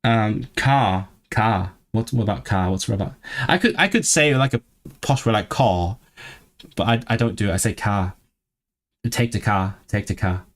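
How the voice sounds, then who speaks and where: A man's voice: on the low side, lively intonation, moderate pace. A young man chatting casually on a livestream, talking things over as he goes, often restarting words and reading lesson text aloud. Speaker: streamer studying a language.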